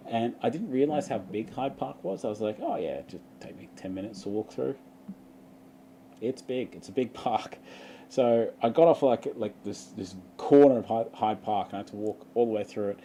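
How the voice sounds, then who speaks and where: A young man with an Australian accent tells a long, wandering story to his livestream viewers, laughing often as he goes. His voice is dark and mellow. A faint hiss sits under the recording. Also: mid-range voice, moderate pace. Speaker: vlogger. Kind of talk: casual livestream chat.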